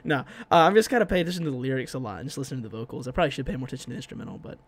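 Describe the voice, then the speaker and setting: A man's voice: medium pitch, lively intonation, racing. A man hosting a music reaction video, joking, swearing and laughing often in casual chat.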